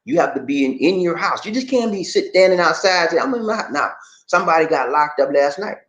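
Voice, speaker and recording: Gullah geechee guy chatting with viewers, pitch jumps all over, bit of room echo. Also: fast, lo-fi sound. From Charleston, South Carolina. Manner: animated, laughs often, reads viewer comments. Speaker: vlog host. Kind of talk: casual live-stream chat. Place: home in the Philippines.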